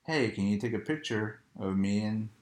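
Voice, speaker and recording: A man's voice: fairly low pitch, moderate pace, a little mellow. Laid-back young man with a drawl. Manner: laid-back, storytelling, laughs often. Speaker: podcast co-host. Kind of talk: casual chat. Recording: echoey room.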